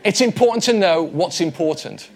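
Brief: male pastor in his forties, slightly high voice, earnest and conversational sermon delivery with a touch of humor. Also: animated, moderate pace, creaky. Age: 40s.

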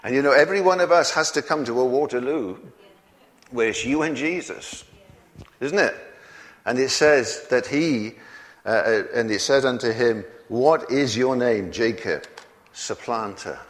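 A man's voice: medium pitch, moderate pace. A man preaching a sermon in a folksy way, chuckling often and asking the congregation questions. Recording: long hall reverb.

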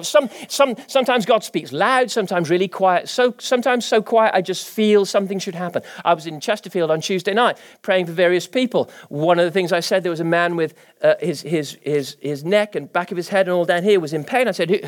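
High-pitched, animated preacher. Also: male voice. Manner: animated, rising to emphatic declarations. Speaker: pastor. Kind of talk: sermon.

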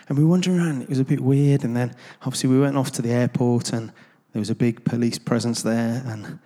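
A man of middle pitch talks to a gathered crowd in an easy, rambling way, with ums and wry asides at his own expense. His voice rings out with the long reverb of a large hall. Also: fast, mellow. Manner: rambling and conversational, with many ums and self-deprecating asides. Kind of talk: informal anecdotal talk to a gathered audience.

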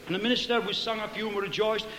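A man preaching a fervent Pentecostal sermon, telling stories and shouting hallelujahs. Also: sits high, fairly even intonation, racing, reverberant, long reverb tail, a little hiss or hum. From Scotland.

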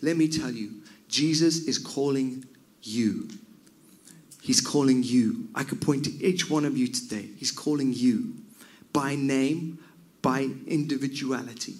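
A man preaching a sermon, swinging from loud cries down to near whispers. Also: medium pitch, a little slow.

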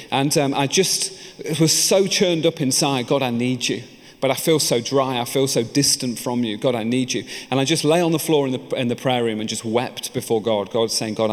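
Guy preaching in a church, earnest, personal stories, voice echoing round the hall. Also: mid-range voice. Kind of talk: sermon.

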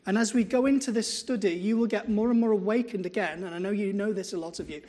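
A middle-aged man, a pastor preaching a sermon in an earnest, storytelling way that builds to slow, emphatic lines. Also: high voice, a little mellow.

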